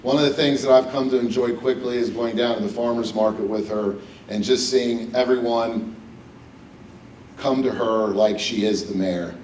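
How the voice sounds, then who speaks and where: A man's voice: mid-range voice, steady tone, normal speed, recorded from a distance, slight background noise. Middle-aged man giving an induction speech. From West Virginia, USA. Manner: warm, joking and personal. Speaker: hall of fame inductee. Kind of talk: acceptance speech. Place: banquet hall with audience. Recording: echoey hall, speaker a bit off mic.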